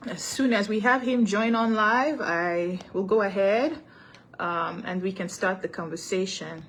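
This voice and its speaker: A woman's voice: mid-range voice, a little slow. A young woman with a Cameroonian accent hosting a casual live-stream talk show. She greets commenters by name and moves easily between English and French, laughing often.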